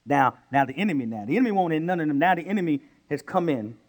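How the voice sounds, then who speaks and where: Animated preacher man, lively pitch. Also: fast talker. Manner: animated preaching that swings between loud bursts and hushed asides. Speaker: pastor. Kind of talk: sermon.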